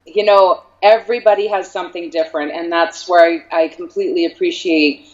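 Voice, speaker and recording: A woman medium talking as an interview guest, telling stories in a lively way and acting out bits of dialogue. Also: on the low side, a little fast. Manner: animated storyteller, acts out dialogue. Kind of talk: casual interview talk. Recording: slightly dull lo-fi sound.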